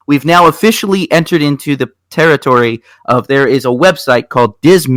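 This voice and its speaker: A man co-hosting a racing talk show, telling stories in a rambling, animated way with lots of restarts. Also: fairly high pitch, fairly quick, no room sound. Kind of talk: casual chat.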